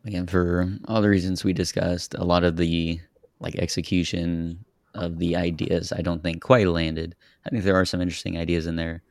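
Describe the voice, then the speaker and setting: A man with a very low, gravelly voice hosts a film-review podcast. He talks in a measured, methodical way. The sound is close and dry, with no room around him. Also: level tone, a little mellow, no echo. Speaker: podcast host. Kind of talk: casual film review chat.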